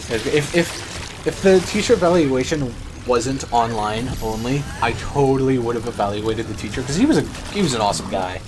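A young man gives rambling, excitable let's play commentary and swears now and then. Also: mid-range voice, moderate pace. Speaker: gamer. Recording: noisy background ambience.

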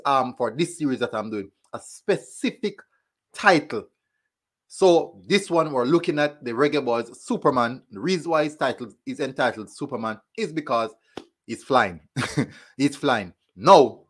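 A man's voice: medium pitch, fairly bright tone. A man hosting his own football fan channel, chatting casually, laughing at himself and repeating phrases as he tests his desk mic. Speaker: sports channel host. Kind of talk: casual football video commentary. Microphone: desk mic being tested.

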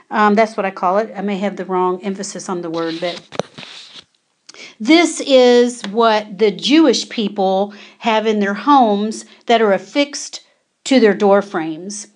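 In a mid-range voice, a woman preaches an urgent prophetic warning. She gives repeated commands and poses pointed rhetorical questions to her listeners.

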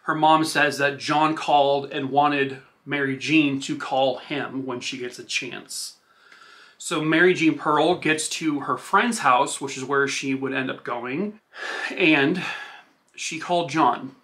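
Guy hosting a true crime podcast, bright voice, casual and rambly, lots of like and i guess. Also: mid-range voice, takes it slowly. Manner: loose, filler-heavy retelling with "like" and "I guess". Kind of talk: casual narration of a crime case.

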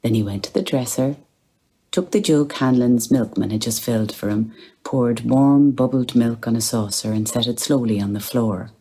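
A woman with an Irish accent reading literary prose aloud, unhurried, slipping into a hushed whisper for the character's thoughts. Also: rumbling low, husky. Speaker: audiobook reader.

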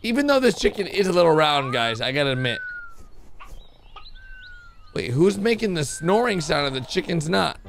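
A young man hosting a gaming channel, giving excitable reaction commentary with lots of exclamations and "bro". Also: on the high side, normal speed, vocal fry, long pauses, slight background noise. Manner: animated, exclaiming, calls viewers bro.

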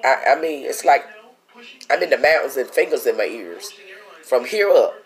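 A woman's voice: a bass voice, lively intonation, normal speed. A woman, sick with a cold and short of breath, chatting and complaining to her viewers in a casual video diary. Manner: complaining, talkative, addresses viewers as y'all. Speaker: vlogger.

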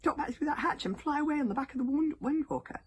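A woman's voice: sits high, lively intonation, quick pace, a little hiss or hum, voice pushed up. Woman doing an earnest young storybook hero. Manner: earnest and hushed. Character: nervous but brave young male hero.

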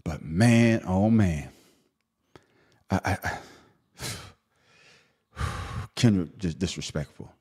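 A man hosting a podcast, giving an animated solo commentary that swings between a low grumble and high-pitched outrage, often stammering. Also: slow pace, long pauses, breathy edge. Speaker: podcast host.

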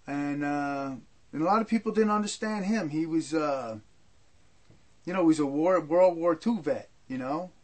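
A man's voice: a little high, normal speed, a little mellow. An older man telling personal stories in a rambling way, full of repetitions and asides. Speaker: storyteller. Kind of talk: personal storytelling.

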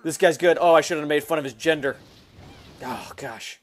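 A man giving excited, fast commentary while playing a mobile game, reacting loudly to every move. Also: a little high, soft background music. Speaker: gaming YouTuber. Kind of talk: excited live gameplay commentary.

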